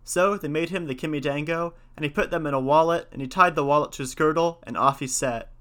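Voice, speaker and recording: A man's voice: a little high, brisk, fairly bright tone, clear, resonant tone. A man narrating an old folk tale in a folksy, old-fashioned storybook manner.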